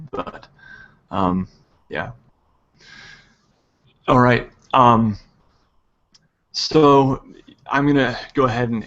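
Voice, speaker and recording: A man narrating as game master of a tabletop game, halting with many pauses and fillers. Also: lowish voice, fairly bright tone, highs cut off.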